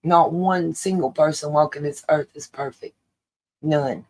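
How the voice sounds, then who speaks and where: A woman's voice: deep voice, steady tone, unhurried, darkish tone. A woman hosting her own channel, giving opinion commentary straight to her viewers, emphatic and repeating her points for weight. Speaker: channel host.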